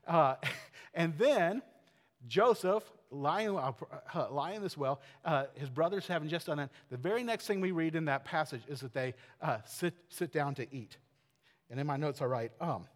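A male pastor preaching in a casual, animated storytelling way, full of fillers and asides. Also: on the high side, normal speed, in a large hall. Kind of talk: sermon.

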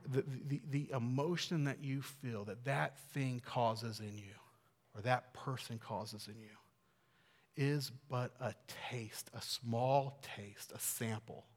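A male pastor delivers a sermon with earnest conviction, at a medium pitch. He falls to near-hushed softness and then swells to emphatic, raised passages. His voice rings with long reverb, as in a large hall.

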